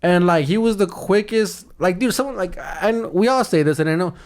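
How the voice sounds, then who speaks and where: A man's voice: sits high, normal speed. A man co-hosting a podcast, telling a rambling story in casual chat, swearing and laughing often. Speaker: podcast co-host.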